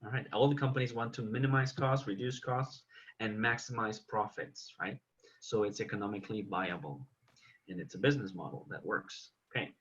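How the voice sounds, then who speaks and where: A man's voice: mid-range voice, a bit bright, dull audio. A man teaching an English class online, patiently correcting his students' examples.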